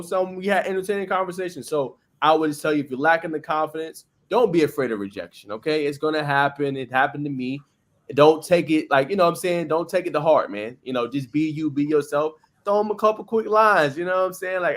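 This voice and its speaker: A man's voice: fairly high pitch, fairly quick. A man on a casual sports podcast, talking in a playful, conversational way and often saying "you know what I'm saying".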